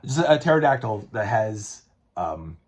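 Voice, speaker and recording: A man's voice: on the low side, very animated, normal speed, slightly rough. A man casually reviewing a comic book collection, rambling and swearing, with many fillers and restarts.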